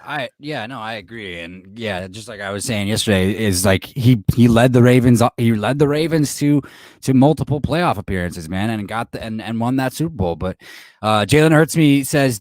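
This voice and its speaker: A man's voice: mid-range voice, expressive, normal speed, darkish tone, no echo. A man hosting a casual sports talk livestream, reading chat questions aloud and ranting with swearing. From not from Boston. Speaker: podcast host.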